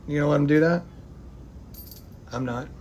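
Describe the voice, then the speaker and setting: A man from the United States delivering an angry, profane rant to camera, swinging between loud outbursts and hushed, near-whispered lines. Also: a little high, normal speed, muffled recording, slight background noise. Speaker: vlogger.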